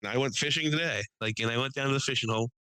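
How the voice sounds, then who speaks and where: Young American male podcast host, bright and crisp, dry mic, loose swearing storyteller. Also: medium pitch, racing, no room sound, poor audio. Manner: animated, swearing, laughing storyteller doing voices. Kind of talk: casual storytelling chat.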